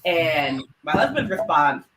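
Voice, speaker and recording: A woman's voice: low-pitched, very animated, a little slow, background noise. A woman co-hosting a casual podcast chat, explaining her views earnestly and at length. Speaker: podcast co-host.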